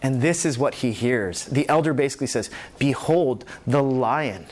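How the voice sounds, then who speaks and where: A man preaching a sermon as pastor, animated, acting out the voices in the scripture he tells. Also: medium pitch, moderate pace, a little hiss or hum. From New York.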